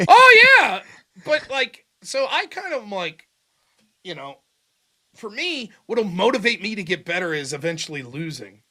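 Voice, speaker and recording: A man with a high, bright voice hosts a casual livestream. He tells stories in a loose and profane way, with lively swings in his delivery. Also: moderate pace. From America. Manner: profane, animated storytelling. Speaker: host.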